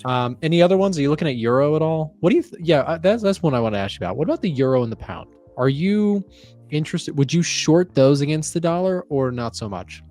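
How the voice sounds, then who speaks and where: A man's voice: on the high side, expressive, fast, a little mellow, soft background music. A man hosting live market commentary, explaining economic data and questioning a guest. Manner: conversational, explains and asks questions. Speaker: trading show host.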